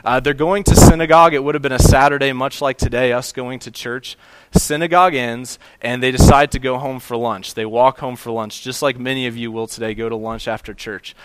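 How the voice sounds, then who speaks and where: A man's voice: medium pitch, fairly even intonation, a little fast, clear, resonant tone. A male pastor preaching a sermon, telling a story in a conversational way with small restarts.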